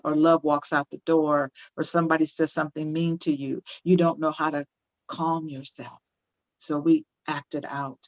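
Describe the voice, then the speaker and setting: A woman's voice: deep voice, dry recording, dull audio. An older woman speaking as a parenting guest on a video call, impassioned, repeating phrases for emphasis. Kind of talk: conversational interview, teaching.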